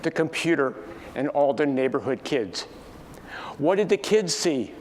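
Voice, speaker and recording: A man in his sixties giving a keynote talk, telling a family story with lively acted-out dialogue. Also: on the high side, a little slow, a little hiss or hum. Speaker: keynote speaker. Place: large conference hall. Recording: distant echoey hall with faint ambience.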